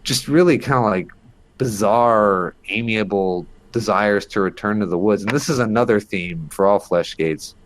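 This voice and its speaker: A man's voice: on the low side, normal speed, a little hiss or hum. A man telling a creepy story as a podcast guest, in a rambling, casual way full of fillers and the odd swear.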